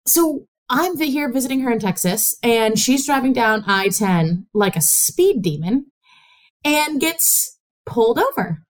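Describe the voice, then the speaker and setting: High-voiced, slightly nasal Midwestern woman. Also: unhurried. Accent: US Midwestern, Chicago-tinged. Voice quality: a little nasal. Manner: animated, laughing storyteller. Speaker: interviewer, host's sister. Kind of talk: casual podcast storytelling.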